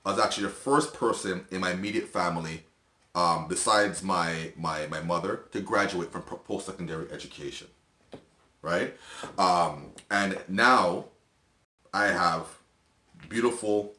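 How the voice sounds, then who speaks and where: A middle-aged man sharing his personal testimony in an earnest, halting, emotional way, with restarts and soft laughs. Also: deep voice, roomy sound. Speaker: video host.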